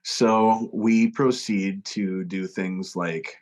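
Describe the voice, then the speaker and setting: A man with a fairly low voice tells a tour story in relaxed conversation. He gets animated and pops into a higher voice to act out what others said. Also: drawn-out words. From United States. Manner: animated, acts out quotes in a higher voice. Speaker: podcast guest, touring musician. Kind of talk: casual storytelling.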